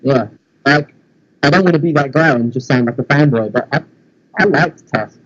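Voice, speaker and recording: A man's voice: medium pitch, normal speed, a bit bright, lo-fi sound. A man from England with a London accent, laid-back and casually swearing in a chat. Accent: London English.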